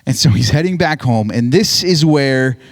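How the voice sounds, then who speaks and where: A man's voice: mid-range voice, animated, moderate pace. A man giving a casual, joking sermon, retelling a Bible story with lots of "like" and "right?". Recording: hall reverb on voice.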